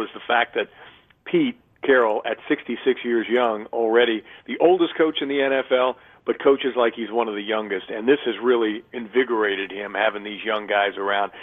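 A man, a radio play-by-play announcer, talking through a phone-in radio interview in a chatty, thorough way, restarting often. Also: medium pitch. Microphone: telephone. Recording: tinny phone line.

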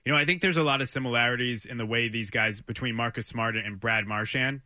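A man co-hosting a sports talk radio show, giving articulate, measured analysis. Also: mid-range voice, sharp tone, no room sound, studio quality.

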